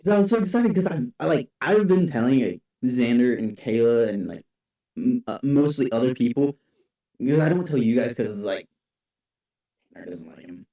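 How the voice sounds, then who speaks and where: A man's voice: medium pitch, expressive, normal speed, mellow. A young man co-hosting a podcast in casual chat, rambling with lots of "like" and restarts. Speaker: podcast co-host. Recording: echoey room, far from the mic.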